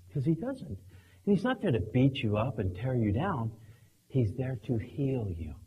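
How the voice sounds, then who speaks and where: A man preaching a sermon, acting out his points dramatically, swinging from hushed tones to shouting. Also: mid-range voice, slight background noise. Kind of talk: sermon with acted illustration.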